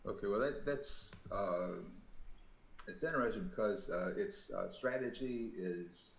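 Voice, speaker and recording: A man's voice: on the low side, unhurried, vocal fry, reverberant, highs cut off. A man running as an independent congressional candidate, talking politics in a casual, rambling way, with many fillers and restarts over a video call.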